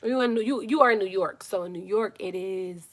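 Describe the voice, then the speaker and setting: A woman's medium-pitched, brisk voice carries a casual live Q&A she streams by phone from a cramped closet at home. She chats with lively energy, welcomes viewers by name, and drops into hushed mutterings now and then.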